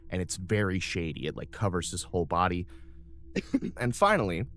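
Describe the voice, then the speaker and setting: Man, lower voice, improvised game-master narration over soft music. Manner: loose, improvised scene description.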